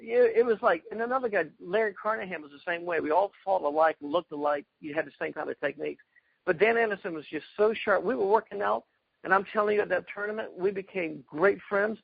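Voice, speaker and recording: A man being interviewed, telling excited stories about past fights and acting out quotes. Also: sits high, quick pace, gravelly, slightly rough, dry recording, muffled recording. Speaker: guest, karate fighter. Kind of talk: animated storytelling interview.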